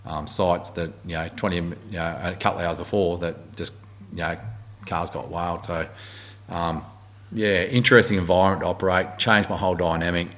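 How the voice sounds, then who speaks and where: A man's voice: low voice, brisk. A middle-aged Australian man, an army warrant officer, telling blunt, swearing war stories in a casual interview. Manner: blunt, swearing, animated storyteller.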